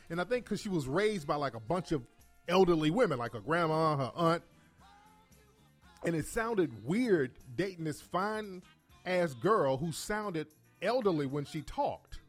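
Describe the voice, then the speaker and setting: Lively, high-pitched comedic radio host man. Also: unhurried, faint music behind. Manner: animated storyteller, profane, laughs often, mimics voices. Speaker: radio call-in show host. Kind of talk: comedic call-in radio talk.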